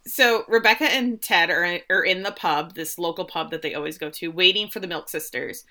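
A woman with a bright, forward voice chats casually as a podcast co-host. She retells scenes with animated energy and jumps into the characters' lines as she goes. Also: fairly low pitch, fairly quick. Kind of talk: casual recap chat.

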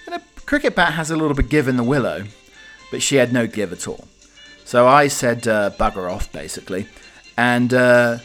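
A man from Norfolk hosting his own show in a rambling, hesitant, jokey monologue. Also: mid-range voice. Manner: hesitant, full of fillers, jokey. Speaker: podcast host.

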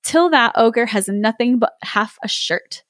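Young female podcast co-host, higher voice, playful fairy-tale reader, dry sound. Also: animated, unhurried, fairly bright tone, dry recording. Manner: playful, laughs often between lines. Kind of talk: reading a fairy tale aloud with banter.

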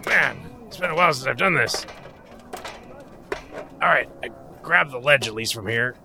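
A man's voice: on the low side, pushed and bright, a little hiss or hum. A man playing a character in a tabletop role-playing game, with polite, wry in-character narration. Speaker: player.

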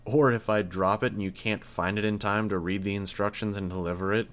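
A man voicing a calm, measured young woman with insect powers in an audiobook reading. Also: on the low side, close to an everyday voice. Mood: cool. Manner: cool, measured.

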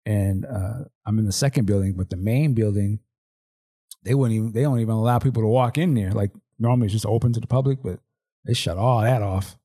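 A man's voice: fairly low pitch, fairly quick, warm tone, husky. Slangy storytelling podcast man. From Seattle, Washington. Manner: storytelling, slangy, acts out dialogue. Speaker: podcast co-host. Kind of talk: casual chat.

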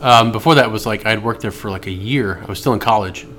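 A man's voice: lowish voice, fast, a bit bright, a little hiss or hum. A man co-hosting a podcast in casual chat, telling rambling stories with profane asides. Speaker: podcast co-host.

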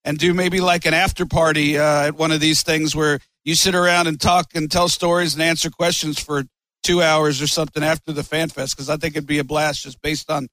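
Brief: male podcast host, bright forceful tone, higher voice, dry close sound. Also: little pitch movement, fairly quick, dry recording. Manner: easygoing, filler-heavy wrap-up talk. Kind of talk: casual interview chat.

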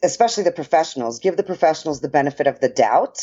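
A woman with a New York accent co-hosting a casual podcast chat, talking with lots of fillers and lively quoted asides. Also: low-pitched, racing, breathy edge, dull audio. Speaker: podcast co-host and dance professional.

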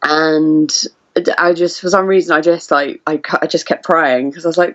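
A young woman talks through a film as a podcast guest, chatty and emotional, with frequent laughter. Her voice sits a little low for a woman. The recording is muffled and lo-fi. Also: fairly even intonation, moderate pace. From United Kingdom. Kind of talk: casual interview chat.

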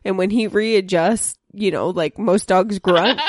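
A woman co-hosting a casual podcast chat from her home, jokey and quick to laugh. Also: mid-range voice, dry recording, studio quality. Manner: laughs often, jokey and animated. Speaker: podcast co-host.

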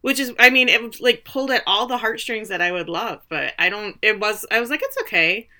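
A woman's voice: on the high side, fairly quick, sharp tone. A woman co-hosting a podcast in casual chat, rambling and searching for words as she goes. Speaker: podcast co-host.

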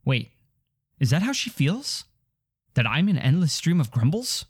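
A man's voice: on the high side, sing-song, unhurried, breathy edge. A man hosting a comedy podcast, ranting in a grumbling, exasperated and wry way. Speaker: podcast host. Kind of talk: comic rant.

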